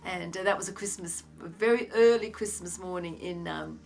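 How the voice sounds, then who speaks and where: Older woman, low gravelly voice, animated storyteller. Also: moderate pace. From Australia. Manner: animated anecdote with acted-out quotes. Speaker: interviewee sharing memories. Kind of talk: casual storytelling.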